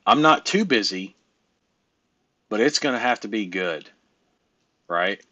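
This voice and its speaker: A man's voice: on the low side, animated, a little slow, pushed and bright, no room sound. A man coaching a trainee in sales over a call, blunt and emphatic, rambling through his points.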